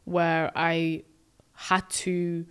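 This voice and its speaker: Young woman, smooth reflective chat. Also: lowish voice, level tone, extremely slow. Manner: chatty, reflective, lots of "like" fillers. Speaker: podcast co-host. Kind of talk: casual chat.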